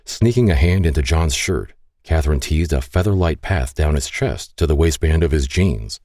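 Very deep-voiced male romance narrator. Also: lively intonation, moderate pace, warm tone, no echo, clean studio sound. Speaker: audiobook narrator.

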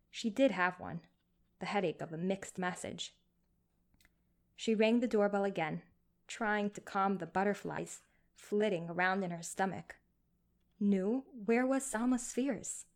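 A woman narrating a story in a measured, gently expressive reading. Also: medium pitch.

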